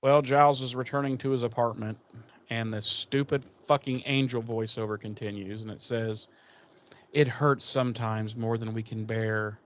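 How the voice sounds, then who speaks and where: A man's voice: mid-range voice, fairly even intonation, moderate pace, muffled recording. A man co-hosting a podcast, giving a casual recap in a blunt, profane, sarcastic way. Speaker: podcast co-host.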